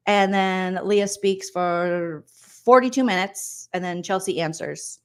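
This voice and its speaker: A woman comedian recapping reality TV in an animated, gossipy, sarcastic way. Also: lowish voice, takes it slowly, smooth. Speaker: comedian host.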